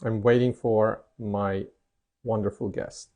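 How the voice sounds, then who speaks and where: A man's voice: on the low side, fairly even intonation, slow, warm tone. A man hosting a live stream, greeting viewers around the world and reading out their chat comments. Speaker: host. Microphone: mic'd up.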